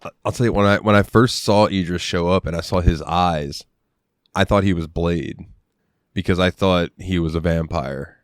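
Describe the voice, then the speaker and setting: A man's voice: low-pitched, moderate pace, clean tone, no room sound, studio quality. A man co-hosting a podcast, chatting about a movie in a laid-back, enthusiastic way and swearing freely. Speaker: podcast co-host. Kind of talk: casual movie review chat.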